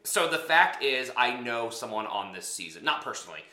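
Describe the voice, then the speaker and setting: A man co-hosting a casual podcast, with a bright, forward voice. He rambles and hedges his points with lots of fillers. The room around him is echoey. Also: medium pitch, very animated, brisk. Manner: rambling, hedging with many fillers. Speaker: podcast co-host. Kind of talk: casual chat.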